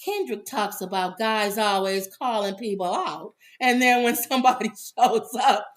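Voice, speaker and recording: A woman co-hosting a casual talk show, telling a story with animated acted-out quotes and frequent laughs. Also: medium pitch, moderate pace. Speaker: co-host. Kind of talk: casual commentary chat.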